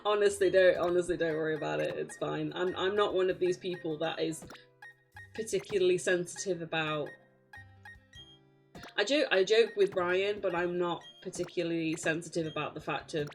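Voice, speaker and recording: A woman's voice: on the low side, normal speed, faint music behind. A young British woman chatting casually on a live game stream, laughing often and poking fun at herself. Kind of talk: casual live-stream chat while gaming.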